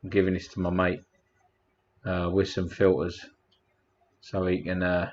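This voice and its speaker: A man's voice: low voice, fairly even intonation, unhurried, long pauses, highs cut off. A man hosting a casual livestream, rambling and a bit crude as he thanks his chat one by one. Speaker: livestream host.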